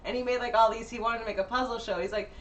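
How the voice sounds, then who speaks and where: A woman's voice: on the high side, steady tone, rapid-fire. A woman chatting casually on a live stream with friends, making blunt, profane quips. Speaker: show regular. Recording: echoey room, voice from a distance.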